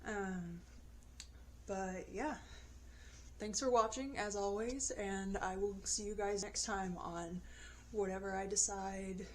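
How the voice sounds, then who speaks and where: A young woman talking to the camera in a casual vlog, chatty and giggly, halting with ums and restarts. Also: medium pitch, fairly even intonation, darkish tone, slight background noise. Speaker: vlogger.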